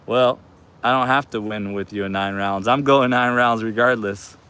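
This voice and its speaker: A man's voice: fairly low pitch, steady tone, moderate pace, sharp tone, clear, resonant tone. A man in his forties hosting a casual livestream from a garage, reading viewer comments aloud in an upbeat, affectionate way. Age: 40s. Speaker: livestream host.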